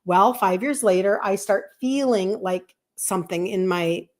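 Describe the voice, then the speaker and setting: In her fifties, a health coach on a live stream tells a personal story in a chatty, animated way, acting out bits of dialogue. Her voice is mid-range and she takes her time.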